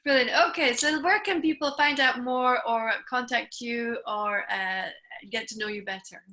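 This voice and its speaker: A woman hosting a live online interview show, with a Scottish accent softened by years abroad, chatty and enthusiastic. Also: a little high, normal speed. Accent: Scottish with an expat mix. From Scotland. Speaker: show host.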